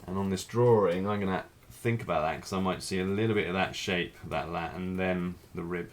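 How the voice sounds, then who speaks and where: A man with a fairly low voice leads a live figure drawing lesson, narrating his strokes as he works. He talks in a relaxed, thinking-aloud way. A faint hum of room noise sits behind him. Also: brisk. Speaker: life drawing teacher.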